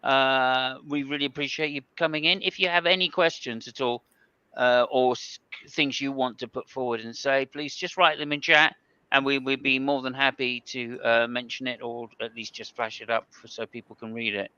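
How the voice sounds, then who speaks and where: A man's voice: medium pitch, fairly even intonation, normal speed, pushed and bright, smooth, no room sound, highs cut off. A man hosting a casual chat, joking and restarting his sentences. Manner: chatty, joking, stops and restarts. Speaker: host.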